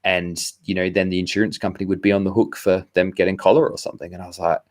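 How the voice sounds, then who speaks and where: A man with an Australian accent and a notably deep, low voice. He chats loosely over a video call and rambles through a story, dropping into quick impressions of the people in it. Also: little pitch movement. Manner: rambling storyteller, quotes others in asides. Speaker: podcast co-host.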